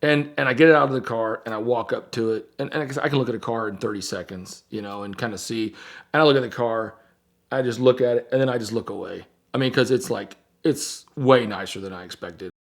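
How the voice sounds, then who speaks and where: A car dealer telling a story in casual storytelling, rambling with fillers and acting out quoted dialogue with animated jumps. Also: male voice, mid-range voice, brisk.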